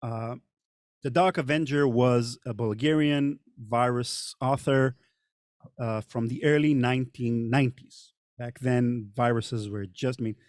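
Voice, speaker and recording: A man's voice: medium pitch, fairly even intonation, unhurried, darkish tone, dry recording, studio quality. A middle-aged man with a Hebrew accent hosts a podcast chat, talking in a thoughtful way with frequent hesitations. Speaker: podcast host and narrator. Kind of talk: casual panel chat. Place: recording studio.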